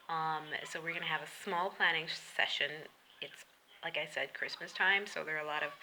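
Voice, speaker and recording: A woman's voice: fairly low pitch, pushed and bright, slight background noise, poor audio. A woman chatting casually as she walks through her house, rambling and laughing often. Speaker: vlogger. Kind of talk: casual home tour vlog. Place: house, indoors.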